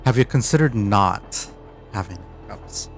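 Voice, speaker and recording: A man's voice: on the low side, expressive, gravelly, soft background music. A man narrating as game master of an online tabletop game, stumbling and restarting as he describes things. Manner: halting, restarts while describing, self-deprecating.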